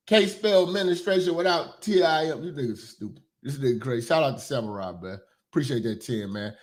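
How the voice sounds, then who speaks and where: A man doing profane reaction commentary in an animated, ranting manner. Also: mid-range voice, fast talker. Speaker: commentary streamer.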